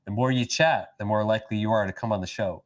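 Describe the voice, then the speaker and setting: A young man with a lowish voice trades profane, joking banter as a podcast co-host. He talks casually, and his jokes often break into bursts of laughter. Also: fast. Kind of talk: casual chat.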